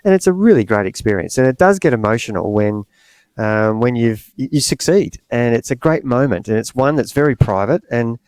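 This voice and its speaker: A middle-aged man, a coach and podcast host, talking in a halting, emotional way with many pauses and fillers. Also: medium pitch, expressive, a little mellow, clean tone, no room sound. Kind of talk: podcast conversation.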